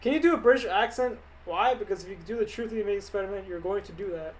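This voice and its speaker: A man's voice: high voice, rapid-fire, rough recording. A young man streaming live as an animator, answering viewer questions in an offhand, rambling, joking way. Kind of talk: casual livestream chat answering viewer questions.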